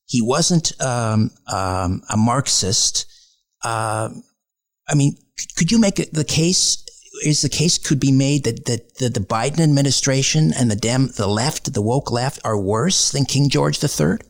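A man's voice: mid-range voice, a little slow. A man hosting a talk radio show, reading out his guest's credentials and asking long, leading questions. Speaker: radio host.

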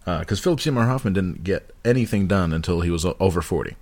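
A man's voice: low-pitched, lively intonation, quick pace, darkish tone. A man hosting a casual chat, rambling and self-mocking, laughing often. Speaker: podcast host.

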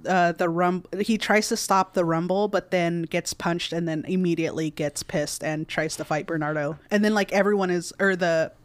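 Chatty co-host going over a movie plot, lots of ums, smooth clean voice, dry close sound. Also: mid-range voice, fairly even intonation, normal speed, hardly any pauses, no echo. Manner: rambling, filler-heavy. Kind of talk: casual chat recapping a movie.

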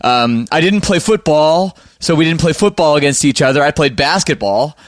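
A young Canadian man hosting a podcast, chatting in an upbeat, easygoing way. His voice sits a little high and sounds dry and close to the mic. He talks in casual bursts, from a home studio over a video call. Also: animated, moderate pace, dry recording. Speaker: podcast host.

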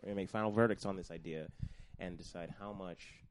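A man hosting a casual comedic chat show, often pausing with fillers as he talks. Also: low-pitched, steady tone, slight background noise. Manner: hesitant, many fillers. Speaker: host.

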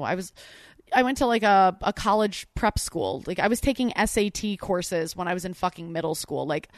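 A woman's voice: lowish voice, animated, normal speed, dry recording, studio quality. Candid woman comedian in her thirties. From Detroit. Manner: candid storyteller, frequent swearing, many "like"s. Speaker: stand-up comedian, podcast guest. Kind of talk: casual chat.

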